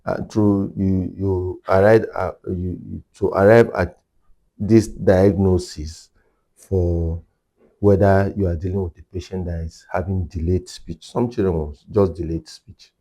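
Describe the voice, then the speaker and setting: A man's voice: deep voice, steady tone, unhurried, dark tone. A man working as a hearing care clinician, explaining in an interview and repeating his key points for emphasis.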